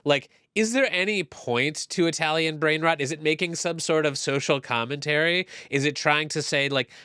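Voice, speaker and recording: Man, podcast co-host, bright clear voice, rambling and self-deprecating, dry studio sound. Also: on the high side, normal speed, no echo. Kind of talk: casual chat.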